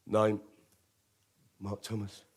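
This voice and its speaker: On stage at a live storytelling comedy show, a British male stand-up tells a true story in a wry, theatrical way, acting out other people's lines. His lowish, husky voice is monotone, with drawn-out words.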